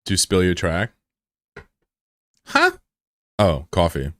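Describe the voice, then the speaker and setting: Teasing his viewers with crude jokes, a man hosts a casual live stream chat. His low voice swings hugely in pitch, has a fairly bright tone, and moves at a slow pace. The recording is close and dry, with no room echo.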